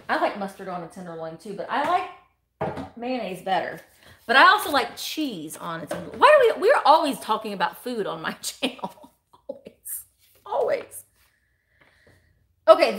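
A woman's voice: a little high, fairly bright tone. A middle-aged woman, hosting a casual live-stream sale, rambling as she reads out viewer comments and calls bids.

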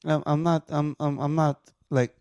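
A man's voice: on the high side, little pitch movement, normal speed, a little mellow, clear, resonant tone, dry recording, studio quality. A man with a Northern Irish accent hosting a casual comedy chat, teasing and laughing. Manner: laughing, teasing, tries silly impressions. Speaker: podcast host.

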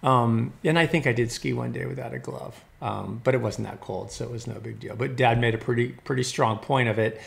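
A talkative older man hosting a relaxed weather show, wandering into stories between forecasts. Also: medium pitch, fairly quick, gravelly, few pauses. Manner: rambling, chatty, storytelling. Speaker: weather host. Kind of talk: casual weather chat.

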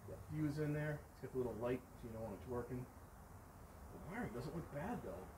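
A man giving a casual running commentary as he works, excitable, exclaiming and thinking aloud into a camera mic held close. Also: medium pitch, fast. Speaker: vlogger restoring a vending machine. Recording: noisy background hiss.

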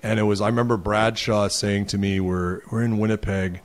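Brief: lower-pitched male guest, animated storyteller, plays out the other voices in his stories. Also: brisk. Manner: animated, acts out other people's lines. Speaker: podcast guest. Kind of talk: casual storytelling.

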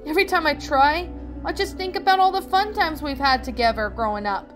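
A woman's voice: high-pitched, animated, fairly quick, over music, pitched above the performer's own voice. A woman voicing an upset young male puppy in a fan fiction reading, with a raised, emotional delivery. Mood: tearful.

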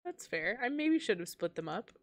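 A woman co-hosts a relaxed book chat with a lively voice that swings up and down. She laughs a lot, agrees readily and reads viewer comments aloud, and the sound is dry and close. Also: mid-range voice, moderate pace, no room sound. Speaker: podcast co-host. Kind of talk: casual book-club chat on a livestream.

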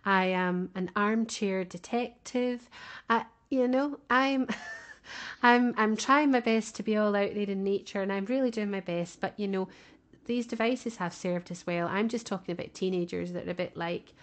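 A woman's voice: mid-range voice, moderate pace. Chatty woman podcast co-host. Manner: chatty and warm-hearted, laughs often. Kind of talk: casual podcast chat.

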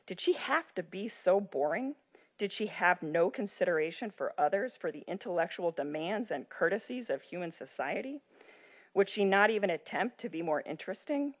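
A woman medical ethics lecturer who reads a story aloud with expression and then explains it in loose talk with frequent ums. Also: lowish voice. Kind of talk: lecture with a dramatic reading.

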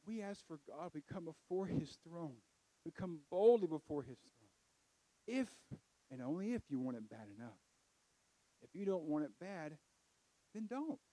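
A middle-aged man preaching a folksy sermon in church, building to loud emphatic peaks. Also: sits high, no room sound, rough recording.

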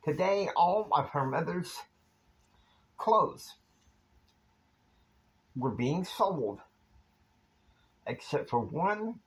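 A man tells a long, casual story at an unhurried pace, his pitch rising and falling freely. He meanders from scene to scene and fills pauses with filler words. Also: big pitch swings, poor audio. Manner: meandering, with fillers and time stamps.

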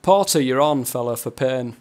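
A man's voice: mid-range voice, animated, normal speed. A gaming YouTuber giving casual, swearing, laughing commentary as he plays a football game. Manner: swears a lot, laughs, shouts at players.

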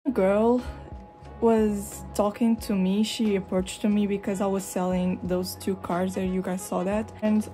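Young woman from europe rambling slow about her collection, mellow voice, bit of music behind. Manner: rambling, expressive, jumps into animated high-pitched retellings. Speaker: vlogger. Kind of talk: casual chat while showing a collection. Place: hot room at home with a fan running.

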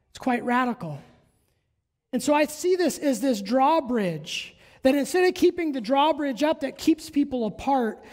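A woman's voice: high-pitched, darkish tone. A woman pastor preaching a sermon in a church, often asking her congregation questions. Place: church sanctuary. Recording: long church reverb.

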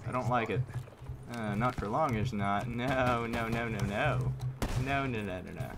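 A man giving live commentary over his own gameplay, excitable, repeating himself and using mild minced oaths. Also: medium pitch, measured pace, noisy background. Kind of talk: live video game commentary. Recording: loud game gunfire under voice. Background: gunfire and shooting game sounds.

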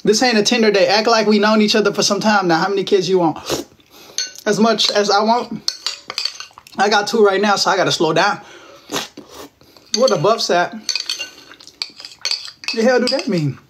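A man's voice: high voice, normal speed, pauses often, background noise. A man in his twenties from Texas, hosting a casual livestream from home on his phone, teasing viewers and answering their comments in playful slang. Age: 20s. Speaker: livestream host.

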